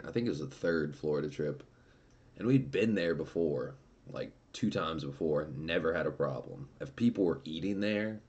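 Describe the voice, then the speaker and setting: A man's voice: very deep voice, a little mellow, highs cut off. A man streaming, casually telling a story with lots of swearing and laughter. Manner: profane and laughing.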